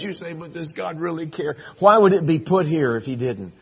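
A middle-aged man preaching a sermon, shifting from hushed, intimate lines to loud, emphatic bursts, with a husky voice. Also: a little high, lively intonation, normal speed, few pauses, dull audio. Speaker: pastor.

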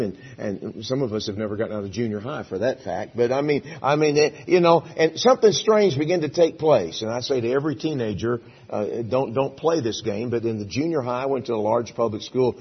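A man's voice: mid-range voice, a little fast, few pauses, husky, muffled recording. A male pastor preaching a sermon in a church, telling a Bible story folksy-style and acting out the dialogue. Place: church sanctuary.

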